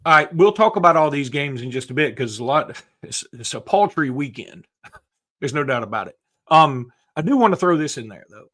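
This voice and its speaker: A man co-hosting a college football podcast, talking in a rambling, animated way with many restarts. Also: a little high, moderate pace. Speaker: sports podcast co-host. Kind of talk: casual sports chat.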